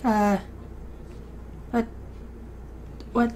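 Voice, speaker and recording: Slow, hesitant woman gaming commentator. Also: medium pitch, a little hiss or hum. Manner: hesitant, rambling with many fillers and restarts. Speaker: let's play commentator. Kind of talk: casual gameplay commentary.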